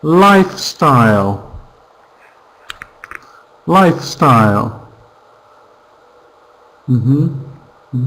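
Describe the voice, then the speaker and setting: A man's voice: on the high side, fairly bright tone, rough recording. A man teaching English online, patiently drilling vocabulary and word stress with his class. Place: virtual classroom.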